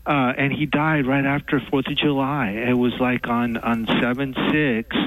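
A man calling in to a radio show, telling a story haltingly with many pauses and fillers. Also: medium pitch, flat delivery, fairly bright tone, dry recording, poor audio. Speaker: caller. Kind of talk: call-in radio talk.

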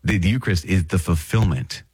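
A deep, slightly husky man teaches the catechism on his podcast, reading a passage and then unpacking it in an earnest, conversational way. He circles back and repeats key phrases for emphasis. His voice sits close and dry, with no room around it. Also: a little fast, a little mellow, dry recording. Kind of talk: casual teaching with read passages.

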